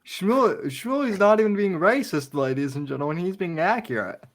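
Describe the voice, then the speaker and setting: A man co-hosting a casual political chat show, speaking haltingly with frequent restarts and asides to the audience. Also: high-pitched, animated. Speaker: podcast co-host.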